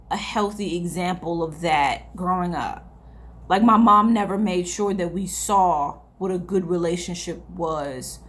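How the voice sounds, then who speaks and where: A young woman speaks, loose and confessional, as if talking straight to her followers. She rambles, doubles back and repeats herself, and sighs now and then. Her voice sits at a medium pitch. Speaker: vlogger. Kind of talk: casual confessional chat to camera.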